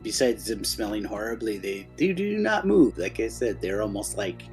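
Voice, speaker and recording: A man narrating as game master in a relaxed, chuckling, rambling manner. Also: lowish voice, normal speed, soft background music.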